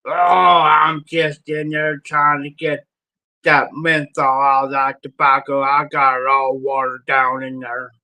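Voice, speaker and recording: A man's voice: mid-range voice, level tone, slow pace, bright, forceful tone, exaggerated voice, low-quality recording. A man quoting a pushy, wheedling woman in his own voice while telling a story. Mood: coaxing.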